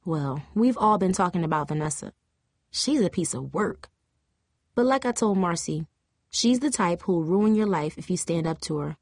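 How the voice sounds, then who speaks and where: A woman's voice: on the low side, animated, moderate pace, no room sound, clean studio sound. A woman reading an audiobook, voicing a blunt, confiding teenage girl cheerleader. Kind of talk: audiobook character voice.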